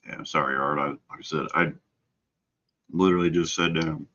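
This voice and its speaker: A man's voice: rumbling low, steady tone, a little fast, bright, forceful tone. A middle-aged man hosting a casual live stream, easygoing, answering viewers' messages by name. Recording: dull lo-fi stream audio.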